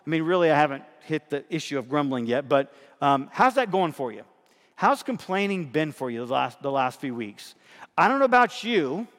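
A man's voice: a little high, long reverb tail. A middle-aged man, a pastor preaching a sermon in a conversational way, asking the congregation questions.

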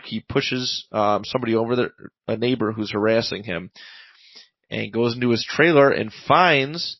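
A man's voice: medium pitch, gravelly, a bit bright, no room sound, low-quality recording. A man co-hosting a podcast, casually recapping a comic book in a rambling way full of fillers. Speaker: podcast co-host reviewing comics.

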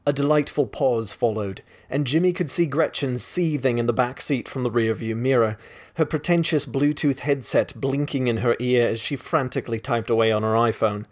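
A man reading his own short story aloud in a brisk, deadpan manner. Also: mid-range voice.

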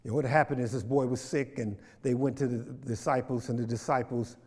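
His tone stays steady and a little mellow, medium in pitch and a little fast, as he teaches a church Bible study in a large hall. The talk climbs from ordinary conversation to fervent preaching, full of questions to the room, repeated phrases, and call and response.

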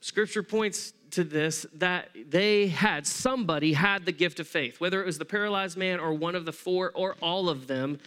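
High-pitched guy preaching, super clear voice, acts out the story as he goes. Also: moderate pace, hardly any pauses. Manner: animated, conversational preaching. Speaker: pastor. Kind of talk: sermon.

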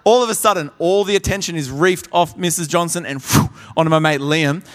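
A young man preaching a sermon at a conference, telling stories with animated energy and acting out the people in them. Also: on the high side, a little fast, big-room sound. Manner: animated storyteller, acts out voices. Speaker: pastor. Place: large conference hall.

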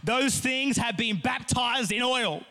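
A young man preaching a sermon, telling a funny personal story with lively energy and sometimes rising to a shout. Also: very high-pitched, slow.

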